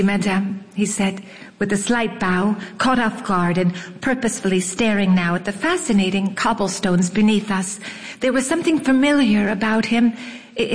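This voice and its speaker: A woman narrating a first-person memoir in a wry, unhurried storytelling manner. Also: medium pitch. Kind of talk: audiobook memoir reading. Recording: long reverb.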